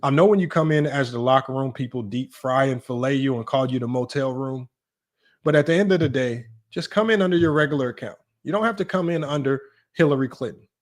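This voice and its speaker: A man hosting a sports debate livestream, talking brashly and teasing his chat in quick casual commentary. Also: medium pitch. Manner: brash, rapid, teasing, talks straight to chat. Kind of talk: casual live-stream commentary.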